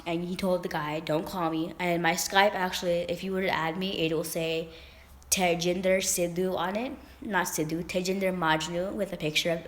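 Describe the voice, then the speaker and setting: Rambling young woman telling a story. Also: lowish voice. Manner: rambling, with many fillers and restarts. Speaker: vlogger. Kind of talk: casual storytime chat.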